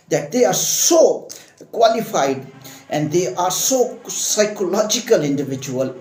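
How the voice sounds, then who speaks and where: A man's voice: on the high side, darkish tone, echoey room, rough recording. A man giving opinionated immigration news commentary, emphatic and impassioned, repeating phrases for stress.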